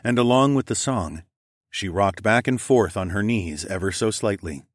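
Low-voiced man narrating fiction. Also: moderate pace, dry recording, studio quality. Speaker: audiobook narrator. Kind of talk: first-person fiction narration.

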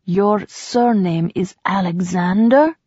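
A woman's voice: mid-range voice, slow pace, dark tone, husky, no echo, highs cut off. A woman reading an audiobook, voicing a brooding, cursed immortal man who speaks tersely. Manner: terse, tense.

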